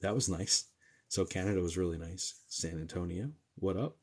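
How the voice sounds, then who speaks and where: A man's voice: low voice, normal speed, a little mellow, husky. A young man from New Jersey, a medium, chatting casually and joking as he reads out and answers livestream comments.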